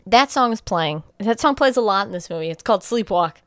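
A woman co-hosting a casual podcast, retelling a movie plot in a giggly, animated way and swearing casually. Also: medium pitch, fairly quick, no echo, studio quality. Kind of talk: casual chat.

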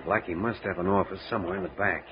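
A commanding adventurer captain, played by a man in a 1940s radio serial, low-voiced and dry, giving brisk orders. The sound is dull and muffled with a faint hiss, like an old radio recording. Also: steady tone, lightly acted. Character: commanding male adventurer captain, cool and wry.

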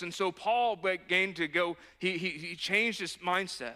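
A man's voice: high-pitched, a little slow, hardly any pauses, sharp tone. A man preaching a sermon as a pastor, earnest and urging, repeating phrases for emphasis. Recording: long hall reverb.

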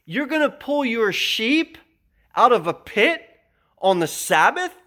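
A confident male teacher, as a preacher puts him on, throws rhetorical challenges at his critics. The voice climbs high and gets loud and emphatic, still casual in its wording. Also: sing-song, slow pace, full character voice. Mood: challenging.

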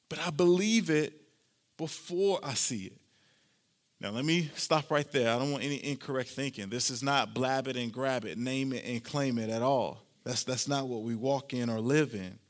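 A male pastor giving a lively, conversational sermon, using casual slang as he preaches to his congregation. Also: medium pitch.

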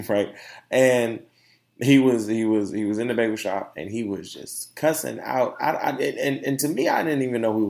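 Lively, slangy male podcast host. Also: on the low side, gravelly. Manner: animated storytelling with loose slang and laughs. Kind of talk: casual opinion monologue.

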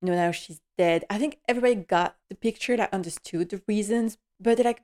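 A woman's voice: medium pitch, fast, hardly any pauses, a little mellow. A woman giving a casual, chatty, gushing recap of a television episode, often laughing as she talks. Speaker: TV recap vlogger.

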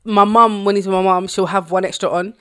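A woman's voice: mid-range voice, fairly quick, clean tone. A young woman, a radio DJ, telling stories in a casual podcast chat and laughing often. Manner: animated storytelling, laughing often.

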